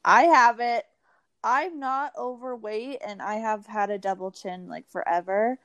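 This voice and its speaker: A woman co-hosting a casual podcast as a therapist, unhurried and friendly, chiming in with short remarks. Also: on the high side, a bit bright, highs cut off. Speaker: podcast co-host, myofunctional therapist.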